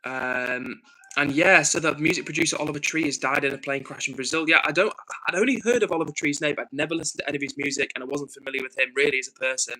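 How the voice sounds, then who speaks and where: On a poor-quality recording, a slightly high, bright, forceful male voice moves at a quick pace. He's a livestream host from northern England reading out viewer messages casually, earnest and full of ums and false starts as he thinks aloud.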